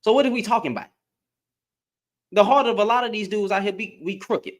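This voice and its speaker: A man's voice: sits high, brisk. A man hosting a livestream, ranting in heated, emphatic commentary, repeating and restarting his words. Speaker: livestream host.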